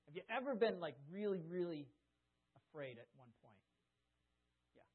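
Male pastor, animated storyteller, somewhat high voice, thin lo-fi sound. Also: normal speed, breathy edge. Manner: conversational, animated storytelling with acted-out screams. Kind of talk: sermon with storytelling. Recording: tinny phone-like lo-fi sound.

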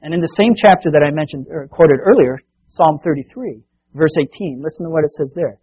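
A man preaching a sermon, telling a Bible story with animated delivery and acting out the voices of the people in it. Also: on the high side, brisk, husky, lo-fi sound. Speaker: pastor.

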